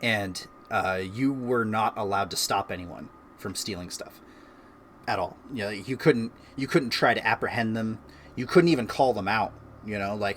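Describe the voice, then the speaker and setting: A man's voice: on the low side, moderate pace, a bit bright, a little hiss or hum. A man hosting a casual chat from his home by the fire, telling a story in a laid-back way and laughing often. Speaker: streamer and host. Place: at home by a fireplace.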